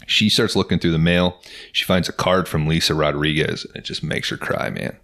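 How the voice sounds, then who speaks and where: A man's voice: deep voice, steady tone, fairly quick, fairly bright tone. A man hosting a podcast, casually recapping a movie in a laid-back, profane way. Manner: laid-back, profane, acts out quotes with laughs. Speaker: podcast host.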